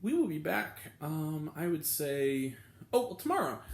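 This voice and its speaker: A man's voice: measured pace, creaky. Ranting movie-review guy in echoey room. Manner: animated, pitch jumps up when ranting.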